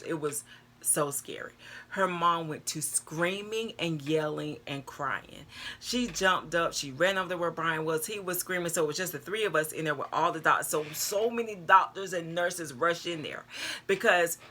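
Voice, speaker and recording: An older woman, telling a personal story to her viewers in a chatty, animated way, calling them girl and y'all. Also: on the low side. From North Carolina, US. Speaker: vlogger. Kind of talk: casual storytelling to camera.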